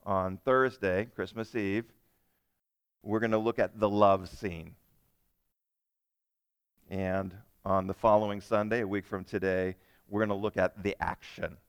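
A male pastor preaching a sermon, swinging from loud emphasis to soft, reflective lines and asking his congregation questions. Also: fairly low pitch, fairly even intonation, measured pace, long pauses, clean tone, no room sound.

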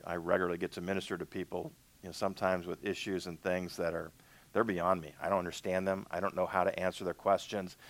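Man preaching a conversational sermon. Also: low-pitched. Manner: conversational preaching, acts out dialogue with God. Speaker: minister.

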